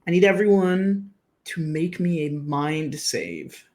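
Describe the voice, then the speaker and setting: A man's voice: on the high side, big pitch swings, a little mellow. A man narrating and explaining rules as game master of a live-streamed tabletop game. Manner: measured, explains rules patiently. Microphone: streaming setup.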